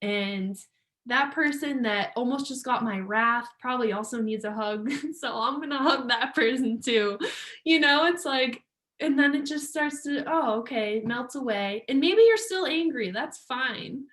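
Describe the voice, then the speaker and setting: A woman co-hosting a casual chat about yoga, earnest and warm with laughter, often acting out her inner thoughts. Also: high voice, unhurried. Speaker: yoga teacher co-host. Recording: echoey room.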